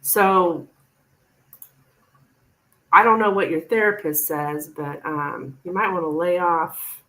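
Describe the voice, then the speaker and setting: A woman's voice: fairly low pitch, slow, long pauses, fairly bright tone, rough recording. A woman tarot reader giving a chatty, reassuring live-stream reading to a viewer.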